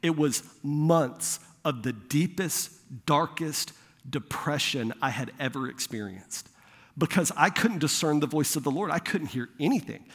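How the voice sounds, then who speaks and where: Man, young adult, pastor, conversational sermon story, quotes people in acted voices, slightly high voice, long hall echo. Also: animated, unhurried, fairly bright tone, husky.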